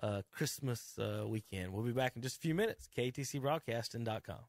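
A man's voice: mid-range voice, expressive, brisk, dry recording, clean studio sound. A man hosting a casual sports talk radio show, easygoing and running through the picks. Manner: easygoing, runs the picks, laughs often.

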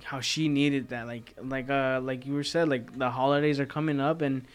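A man in a casual faith chat, talking haltingly with many restarts. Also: mid-range voice, fairly even intonation, clean tone. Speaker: co-host of a faith talk.

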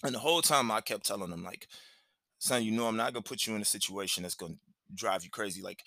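Man with a sharp, bright voice. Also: lowish voice, fast talker, no room sound. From Cleveland, Ohio, USA. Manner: loose and conversational, full of "like" and "you know". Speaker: podcast host. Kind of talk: casual personal storytelling.

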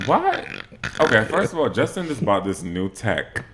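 A young man co-hosting a casual podcast chat, loud and laughing as he tells stories. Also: a little high, noisy background. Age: young adult. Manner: loud, laughing, animated storyteller. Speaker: podcast co-host.

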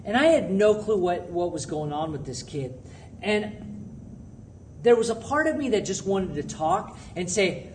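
Earnest preacher, heard from a distant mic. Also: male voice, high-pitched, darkish tone. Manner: conversational and earnest, repeats phrases for emphasis. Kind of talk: sermon. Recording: distant mic with faint background noise.

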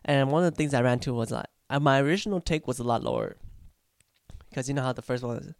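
Young man, gravelly, mid-pitched, rambling vlog chat, dry close sound. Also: big pitch swings, fast, no echo. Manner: rambling, reflective, with frequent fillers and restarts. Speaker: vlogger recording his own song. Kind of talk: casual vlog talk.

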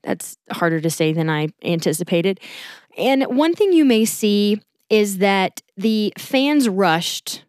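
A woman's voice: mid-range voice, expressive, takes it slowly, a little mellow, smooth, no room sound, studio quality. Chatty woman hosting a sports podcast. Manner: chatty, self-correcting, laughs at herself. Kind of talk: casual solo sports recap.

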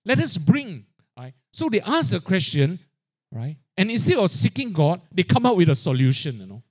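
A man preaching a sermon, peppering his lines with "you know, right?" and dropping quiet on the tag-ons. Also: sits high, big pitch swings, normal speed. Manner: drops to a quiet aside on filler tags. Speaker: pastor.

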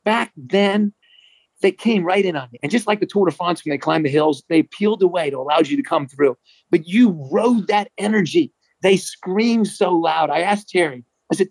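A middle-aged man from New Jersey, a former marathon runner, telling a story in a chatty, animated way. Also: high-pitched, normal speed, dry recording, low-quality recording. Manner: animated, chatty, frequent restarts and laughs. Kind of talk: casual storytelling.

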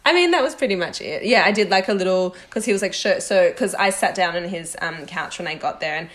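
A young woman with a fairly low voice chats frankly on a podcast. She fills her talk with "like" and tells her stories loosely and casually. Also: expressive, quick pace, fairly bright tone. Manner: chatty, frank, lots of "like". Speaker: podcast co-host. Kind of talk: casual chat.

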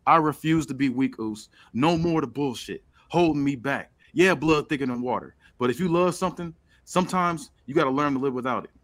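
A man's voice: medium pitch, brisk, hardly any pauses, fairly bright tone, close to an everyday voice. A man voicing a bitter male wrestler who coldly blames his twin brother. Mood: accusing.

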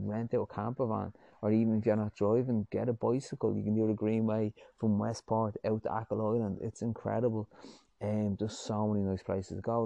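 An Irish man chats loosely on his solo podcast, gravelly and mellow in tone. He rambles cheerfully, throws in jokes and casual swearing. The sound is dry and slightly dull. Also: on the low side, no room sound. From Ireland. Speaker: podcast host.

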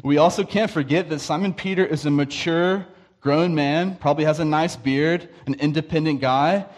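A young man preaching a sermon, telling stories and acting out quoted voices, often dropping to a soft, intense tone. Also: fairly high pitch, normal speed. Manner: storytelling, acts out quoted voices, drops to quiet intensity.

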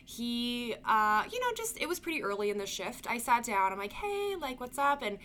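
A woman's voice: on the high side, animated, brisk, bright, forceful tone. A young woman co-hosting a podcast in casual, playful banter, teasing and giggling often. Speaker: podcast co-host.

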